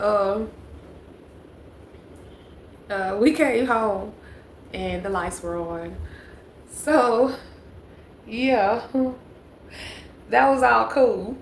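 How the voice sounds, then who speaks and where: A woman's voice: on the high side, drawn-out words, long pauses. A young woman telling a storytime vlog, chatty and talking straight to viewers, repeating phrases for emphasis. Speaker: vlogger. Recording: echoey room with faint background noise.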